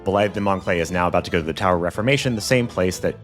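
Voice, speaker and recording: A man running a comedic tabletop game as game master, narrating in a wry, animated way. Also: sits low, racing, faint music behind.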